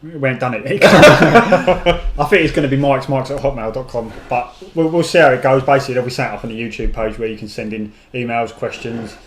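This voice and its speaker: A man's voice: mid-range voice, fairly quick, reverberant, a little hiss or hum. A man, co-hosting a podcast and telling stories in casual, sweary chat. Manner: sweary, animated storytelling. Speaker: podcast co-host.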